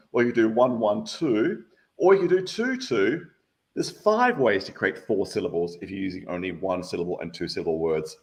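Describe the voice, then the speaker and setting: A man giving a live online maths lesson, explaining number patterns in an enthusiastic, playful way. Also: lowish voice. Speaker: guest maths educator.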